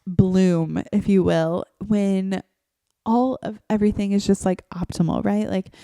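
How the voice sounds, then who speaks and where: A woman's voice: mid-range voice, fairly even intonation, a little slow, warm tone, dry recording, clean studio sound. A woman hosting her own podcast, chatting casually on her own from her favorite chair into a microphone, rambling along with constant "like" fillers. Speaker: podcast host. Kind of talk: casual solo podcast chat.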